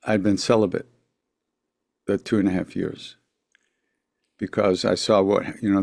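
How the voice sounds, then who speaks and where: An older man, telling a story as a podcast guest, reflective, with quiet asides trailing off. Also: fairly low pitch, flat delivery, moderate pace, creaky, pauses often, no echo, studio quality. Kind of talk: storytelling in a conversation.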